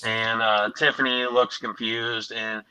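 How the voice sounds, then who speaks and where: A man's voice: lowish voice, measured pace, clear, resonant tone, low-quality recording. A man hosting a casual live stream chat, telling stories and acting out what people said. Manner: animated storyteller, acts out quotes. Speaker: livestream host.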